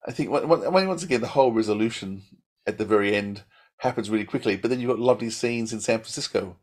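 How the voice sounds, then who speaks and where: An older man as a podcast guest, reviewing in a rambling, halting way full of restarts. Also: on the low side. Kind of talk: casual review chat.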